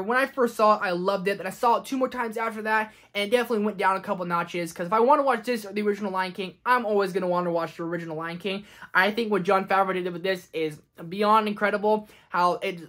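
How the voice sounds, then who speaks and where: A man's voice: high-pitched, a bit bright. A young man in his twenties casually ranking movies for his vlog, enthusiastic and ranty, sometimes acting out quoted lines. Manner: enthusiastic and ranting, slips into quoted voices. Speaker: movie review vlogger.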